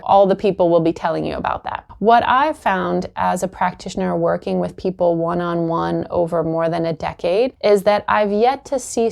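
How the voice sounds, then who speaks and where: A woman practitioner giving calm, encouraging advice straight to the viewer. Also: mid-range voice, gravelly. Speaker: acupuncture practitioner and healing coach. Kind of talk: direct-to-camera advice talk.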